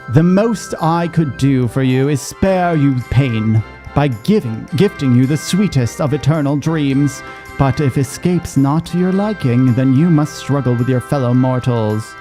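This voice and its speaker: A man reading aloud the lines of a theatrical, doting fairy monarch in a game, slow and flowery. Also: medium pitch, dark tone, lightly acted. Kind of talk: reading a game's dialogue aloud.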